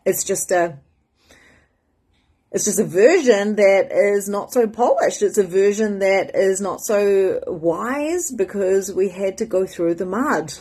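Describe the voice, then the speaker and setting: A woman in her thirties hosting a casual motivational talk, candid and animated, who sometimes mimics friends in a high squeaky voice. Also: slow. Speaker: host.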